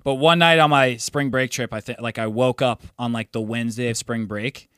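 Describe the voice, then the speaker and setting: A man's voice: mid-range voice, steady tone, normal speed, fairly bright tone, clean tone, no echo, studio quality. A young man in his twenties co-hosting a casual podcast, telling rowdy party stories with loose swearing and laughter. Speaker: podcast co-host. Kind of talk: casual chat.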